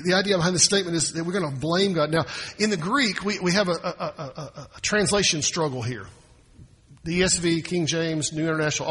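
A man preaching a sermon with a husky, slightly raised voice. He is emphatic and circles back to repeat his key phrases. His words ring out in a church sanctuary with a long reverberant tail. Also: fairly high pitch, a bit bright. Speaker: pastor. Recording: reverberant hall.

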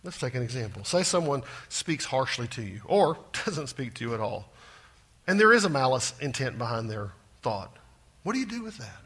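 A man preaching a sermon, swinging from loud repeated emphasis to hushed asides. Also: medium pitch, very animated, moderate pace, slightly rough. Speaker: pastor.

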